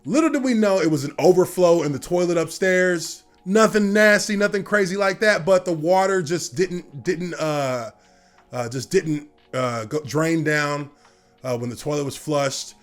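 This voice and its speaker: A man in his thirties telling a personal story in casual talk, relaxed and rambling with lots of fillers. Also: a little high, measured pace, faint music behind. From United States. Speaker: former football player telling his story.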